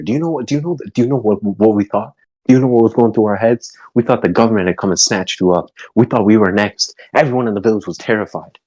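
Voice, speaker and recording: A man voicing a fierce, protective middle-aged mother who scolds in a rapid, swearing tirade during a tabletop role-play. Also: sits low, a little mellow, breathy edge, no echo, poor audio.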